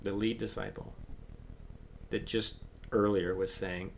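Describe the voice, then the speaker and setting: A man preaching a sermon as pastor, acting out Bible voices and swinging between loud emphasis and hushed asides. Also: fairly low pitch, level tone, a little slow, vocal fry, pauses often.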